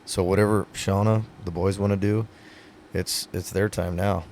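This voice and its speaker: A man's voice: sits low, little pitch movement, normal speed, a little mellow, a little hiss or hum. A man, a retiring pro rodeo athlete, talking earnestly in a casual podcast conversation, telling stories with many fillers.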